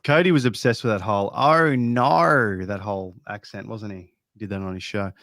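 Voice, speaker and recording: A man's voice: on the low side, fast, no echo. Casting: Australian guy on a podcast, blunt, sweary, matey, dry close sound. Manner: blunt, swears freely, says bro a lot. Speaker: podcast guest. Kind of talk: casual podcast chat.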